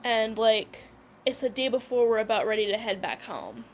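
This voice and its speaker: A woman's voice: fairly high pitch, moderate pace, slight background noise. A young woman telling a personal story in a casual, rambling way, with lots of "like" and "whatever" and laughs along the way.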